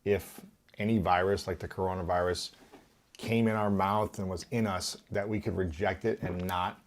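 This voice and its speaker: Man, podcast host, slightly low voice, eager, frequent interjections. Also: fairly even intonation, moderate pace. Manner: eager, interjects often, amazed reactions.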